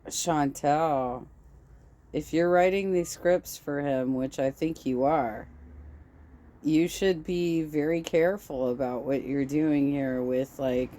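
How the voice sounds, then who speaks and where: A woman's voice: rumbling low, dark tone, a little hiss or hum. A woman co-hosting a livestream, critiquing clips in an exasperated tone. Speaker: livestream co-host. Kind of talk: livestream reaction commentary.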